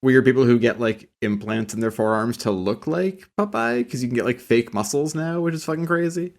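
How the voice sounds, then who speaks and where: Male podcast co-host, middle pitch, casual and opinionated. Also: a little fast. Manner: opinionated, riffing. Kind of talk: casual chat.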